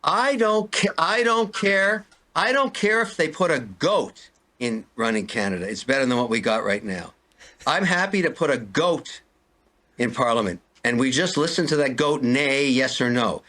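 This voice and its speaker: A man's voice: mid-range voice, sing-song, normal speed, bright, forceful tone. An older man ranting in an interview, exasperated and pleading, repeating himself. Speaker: interview guest. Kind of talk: heated interview rant.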